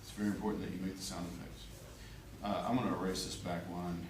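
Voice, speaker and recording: Speaking fast in a low, flat voice, a male art teacher demonstrates a drawing, cracking jokes and checking in with the class. The recording is distant and echoey, with faint room noise.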